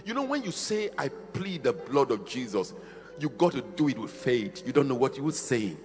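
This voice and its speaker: A man preaching a fiery sermon, swinging between shouted, half-sung peaks and quieter, slower stretches. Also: mid-range voice, long reverb tail.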